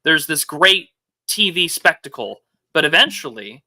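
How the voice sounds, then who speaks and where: A man hosts a loose political chat, thinking out loud and firing off rhetorical questions. His voice sits a touch high and rings very bright and clear. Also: sing-song, measured pace. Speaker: podcast host.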